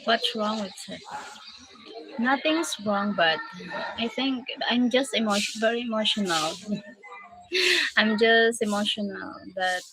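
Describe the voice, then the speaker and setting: A woman's voice: mid-range voice, a little slow, crowd noise, rough recording. A woman hosting a casual livestream, emotionally thanking viewers and reading out their comments. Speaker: livestream host.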